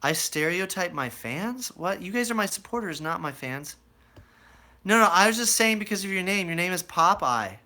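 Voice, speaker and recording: A man's voice: sits high, moderate pace. A young American man casually telling a rambling life story to his viewers, acting out voices as he goes. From United States. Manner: rambling, animated storyteller who acts out quoted voices. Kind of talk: casual storytelling to a live chat.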